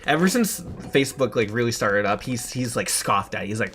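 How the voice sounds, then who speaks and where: A man's voice: medium pitch, animated, normal speed, fairly bright tone, soft background music. A young man streaming a game, rambling in casual chat and laughing often.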